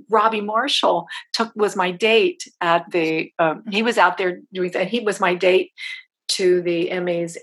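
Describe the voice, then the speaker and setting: Husky middle-aged woman telling stories. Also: on the low side, fairly bright tone. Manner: chatty storytelling, halting restarts. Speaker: actress, interview guest. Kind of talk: casual interview chat.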